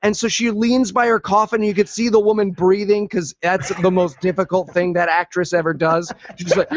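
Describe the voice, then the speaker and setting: A man on a podcast co-hosting a comedic movie recap, telling the story in an animated way and doing quick voices for the characters. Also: high voice, muffled recording. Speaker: podcast co-host.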